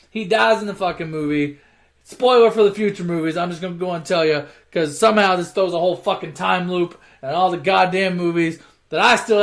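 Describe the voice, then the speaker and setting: A man with a high-pitched voice recaps a car movie series as a casual, profane rant. He swears nonstop and sneers at the plots. Now and then he bursts into shouted, put-on character voices. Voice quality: swears constantly, mocks and rants.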